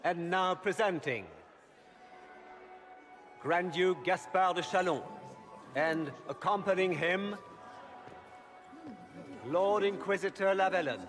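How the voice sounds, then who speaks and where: An actor playing a pompous court herald who declaims guests' names and titles in a formal voice. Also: male voice, sits high, slow pace, long pauses. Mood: grand. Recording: echoey hall with loud music.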